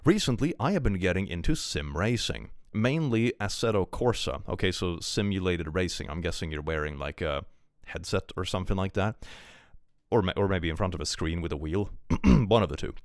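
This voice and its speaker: Deep-voiced man chatting on a stream. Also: expressive, moderate pace, no echo, clean studio sound. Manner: chatty, rambling, laughs often, reads posts aloud. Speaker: streamer reacting to online posts. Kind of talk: casual live-stream commentary.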